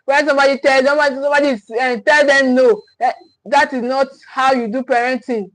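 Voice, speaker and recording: A woman with a high voice coaches parents in a livestream talk. She hammers each point home by repeating it, restarts her sentences often and keeps asking "okay?". The sound is dry, close and without room echo. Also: fairly even intonation, brisk. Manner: emphatic and repetitive, restating key phrases; frequent restarts and checking "okay?".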